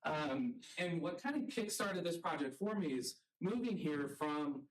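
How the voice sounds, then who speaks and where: A man from the rural American South giving a public lecture as a college art professor, earnest and halting, with frequent ums. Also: a little high, expressive, distant mic, rough recording.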